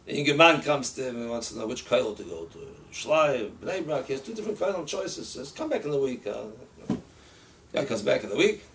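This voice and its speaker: Animated, gravelly male rabbi telling stories. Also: medium pitch, fairly quick. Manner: animated, laughs often, acts out quotes. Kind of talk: casual storytelling. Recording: distant mic with faint ambient noise.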